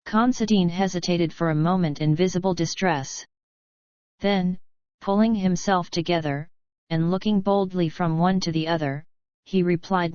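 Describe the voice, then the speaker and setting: A woman narrating an audiobook in a measured, even reading. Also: on the low side, no room sound, lo-fi sound.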